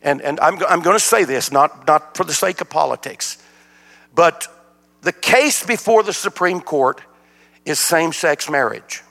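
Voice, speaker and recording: Older preacher with gravelly voice. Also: male voice, on the high side, unhurried. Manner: folksy storytelling, animated. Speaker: guest preacher. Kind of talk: sermon. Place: church sanctuary. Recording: church hall reverb.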